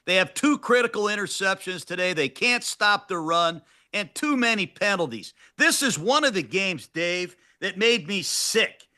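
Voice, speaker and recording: Man, high voice, very bright and forceful, clipped emphatic analysis. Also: animated, moderate pace, few pauses. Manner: emphatic, clipped, coach-like breakdowns. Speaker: co-host, football coach. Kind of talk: football analysis on a talk show.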